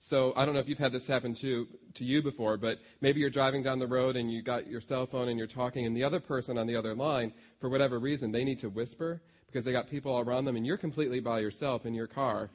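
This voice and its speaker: A man's voice: mid-range voice, steady tone, fast, few pauses. A man preaching a sermon as a pastor, conversational and self-deprecating as he tells stories to his congregation.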